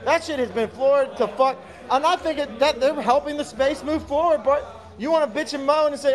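Very high-voiced sarcastic ranting man. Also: normal speed. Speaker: co-host. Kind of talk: casual live audio chat.

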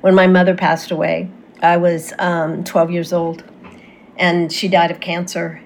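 A woman's voice: fairly low pitch, flat delivery, slight background noise. A woman talking as a guest medium, telling a personal story in casual conversation with fillers and restarts. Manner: earnest, halting with fillers and restarts.

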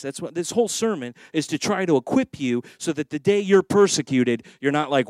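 A man's voice: on the high side, lively intonation, a little fast, a little mellow, no echo, studio quality. A middle-aged man preaching a sermon as pastor, chatty and conversational, slipping into acted voices and asides.

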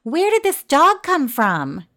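A woman voicing a small spiteful man with a high-pitched, crackly voice in a storybook reading. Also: sing-song, slow pace, pushed and bright, exaggerated voice. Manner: shrill, threatening.

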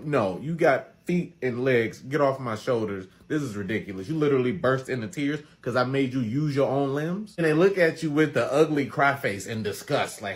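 A man doing an exasperated comedic rant in a short clip, mocking as he slips into little put-on voices. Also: mid-range voice.

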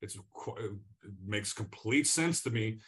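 Animated storytelling former athlete man. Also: fairly low pitch, measured pace. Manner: animated storyteller, laughs often, repeats words. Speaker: guest, former professional athlete. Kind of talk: conversational podcast interview.

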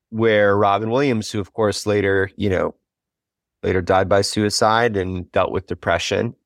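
A man's voice: fairly low pitch, vocal fry, no echo, clean studio sound. A man in his forties, a guest on a podcast interview, speaking in an earnest, thoughtful way and musing aloud. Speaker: guest, author.

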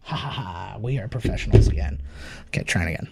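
A man's voice: deep voice, expressive, a little fast, vocal fry, very noisy. A young man hosting a podcast in casual chat, laughing easily and mocking his own slips. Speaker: podcast host.

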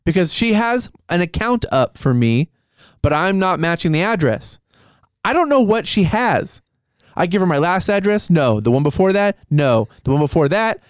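Smooth-voiced man telling a story. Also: high voice, normal speed, no room sound, clean studio sound. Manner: animated, profane storytelling with lots of "like" and "dude". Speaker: storyteller in a podcast chat. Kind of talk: casual chat.

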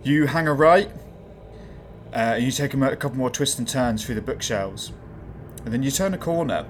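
A man's voice: mid-range voice, fairly quick, a little hiss or hum. A man narrating a tabletop game as game master, describing scenes with many small hesitations.

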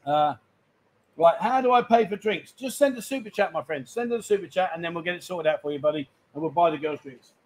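Chatty male host, pitched high, teasing guests between bar-side segments. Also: animated, brisk, slight background noise, poor audio. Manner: cheeky, bantering, loud asides. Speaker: live stream host. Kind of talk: casual live-stream banter. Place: busy bar.

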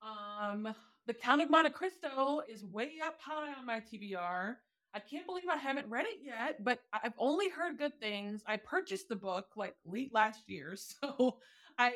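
A woman with a fairly high voice talks as a guest on a casual podcast from her home office. She is animated, laughs often and breaks into exclamations. Her delivery stays loose and conversational. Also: moderate pace. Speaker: podcast guest, book reviewer.

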